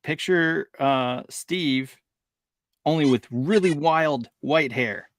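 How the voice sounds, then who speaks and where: Very low-voiced, laughing woman host. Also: takes it slowly. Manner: relaxed, laughs often, relays viewer messages. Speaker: show host. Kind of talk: casual chat on a stream.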